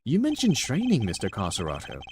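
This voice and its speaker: A man voicing a cool, aloof male prosecutor in a formal, quiet delivery. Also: mid-range voice, wildly swooping pitch, fairly quick, slight background noise. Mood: stern.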